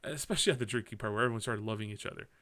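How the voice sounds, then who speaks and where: A man's voice: on the low side, very fast, a bit bright. A man from Canada hosting a solo podcast, drinking as he talks, rambling casually, correcting himself and swearing now and then. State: drinking while talking. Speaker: podcast host.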